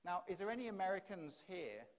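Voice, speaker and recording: A man speaks from a conference stage in a fairly high voice, pressing his case through strings of rhetorical questions. He talks into a stage microphone, and the delivery is that of a practiced keynote speaker. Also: big pitch swings, brisk. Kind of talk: keynote speech. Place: conference hall.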